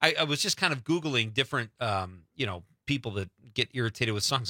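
A man's voice: mid-range voice, lively intonation, fairly quick, sharp tone, dry recording, clean studio sound. A middle-aged man hosting a show, chatting casually and laughing easily with his guest. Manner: easygoing, laughs often. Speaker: radio show host. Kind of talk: casual chat.

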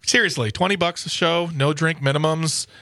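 A man's voice: a little high, normal speed, gravelly, bright, forceful tone, dry recording, clean studio sound. A man hosting a radio show, chatting casually and rambling, laughing often as he talks. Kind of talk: casual studio banter.

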